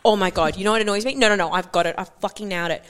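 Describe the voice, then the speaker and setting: A woman's voice: medium pitch, rapid-fire, a bit bright, smooth. A young Australian woman co-hosting a podcast, chatting casually and animatedly, swearing and laughing often. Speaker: podcast co-host. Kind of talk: casual chat.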